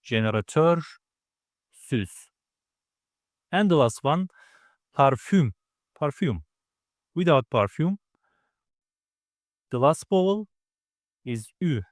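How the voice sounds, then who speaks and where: A man's voice: on the high side, animated, unhurried, long pauses, no echo, clean studio sound. A man teaching a grammar lesson, patiently explaining step by step and sounding out each vowel himself. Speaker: language teacher. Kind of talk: slow spoken grammar lesson.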